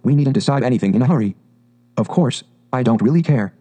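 A man voicing a boastful, excitable male toad who talks in a grand, gushing way. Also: mid-range voice, fast, lightly acted. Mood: coaxing. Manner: pompous, gushing, exclamatory.

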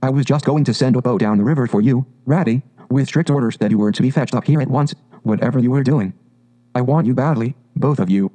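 A man voicing an excitable, boastful rich male toad from a storybook, talking in gushing exclamations. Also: mid-range voice, fast, close to an everyday voice. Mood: exuberant.

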